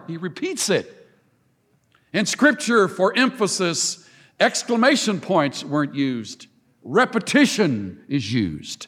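Male preacher, higher voice, swooping lively delivery, deliberate pauses; long hall reverb. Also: husky. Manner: emphatic, dramatic pauses and repetition. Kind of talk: sermon.

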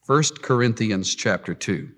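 A man preaching a sermon, telling the story in an animated way and acting out scripture. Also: lowish voice, measured pace.

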